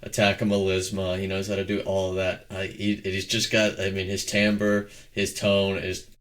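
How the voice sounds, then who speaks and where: Young guy on a podcast, kinda low voice, earnest, trips over words a bit. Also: monotone, normal speed, a bit bright. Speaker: podcast co-host. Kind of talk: casual chat.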